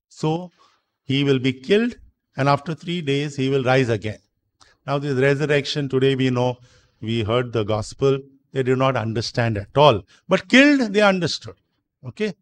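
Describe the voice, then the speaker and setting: A man preaching a sermon in a church, explaining slowly, repeating himself and asking rhetorical questions. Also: medium pitch, animated. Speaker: priest.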